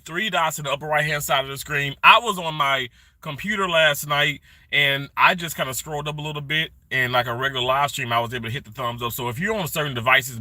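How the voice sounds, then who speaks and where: A middle-aged man chatting casually on a live stream, greeting viewers by name and rambling warmly. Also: fairly high pitch, no room sound. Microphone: phone held vertically.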